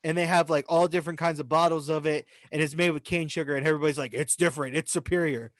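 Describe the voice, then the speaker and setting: A man's voice: a little high, rapid-fire, no echo, studio quality. Upbeat young man telling stories. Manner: animated storyteller, laughs often. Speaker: podcast co-host. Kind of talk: casual chat.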